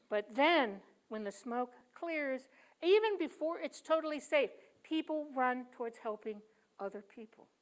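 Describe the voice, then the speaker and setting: A woman poet giving a sermon at a church service. She tells stories emphatically, swinging from loud to hushed and leaning on rhythmic repetition. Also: sits high. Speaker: guest speaker and poet.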